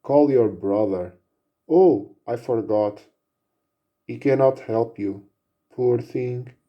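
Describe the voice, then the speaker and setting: A man's voice: medium pitch, takes it slowly, muffled recording, natural voice. A man voicing a proud, mocking sorceress villain in a taunting, boastful way.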